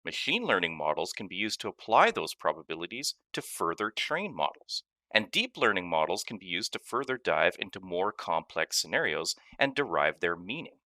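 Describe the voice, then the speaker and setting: A man with a bright, ringing voice and a lively, swooping delivery narrates a scripted tech lesson. He talks a little low and leans hard on key words. The sound is dry and close, with no room behind him. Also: moderate pace, few pauses, dry recording. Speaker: course instructor.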